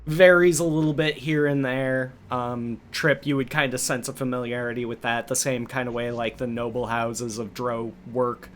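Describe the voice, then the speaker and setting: A man's voice: medium pitch, steady tone, moderate pace, hardly any pauses, slight background noise. A man running a tabletop game on a live stream, explaining lore in a loose way with many fillers. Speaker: game master.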